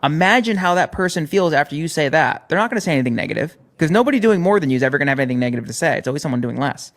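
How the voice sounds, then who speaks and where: Podcast guest, male, fast and blunt, slightly high voice, profane. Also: lively intonation, a bit bright. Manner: blunt, profane, challenging questions. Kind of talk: motivational podcast talk.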